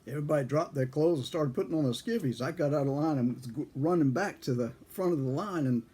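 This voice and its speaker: An older man, a former airman, telling a story from his own past in a casual, folksy way, chuckling and clearing his throat now and then. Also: on the high side, quick pace, warm tone. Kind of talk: casual spoken memoir storytelling.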